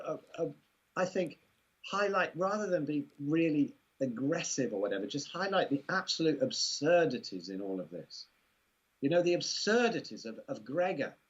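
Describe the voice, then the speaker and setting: Englishman, husky voice, rambling chatty interview guest on a muffled lo-fi recording. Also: a little high. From England. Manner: rambling, amused, full of "you know" asides. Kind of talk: casual conversational interview.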